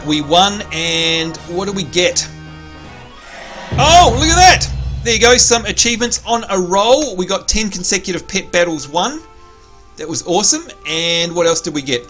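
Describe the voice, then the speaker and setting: An Australian man giving live commentary on his gameplay, excitable and prone to sudden high squeals of delight. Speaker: game streamer. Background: faint game music.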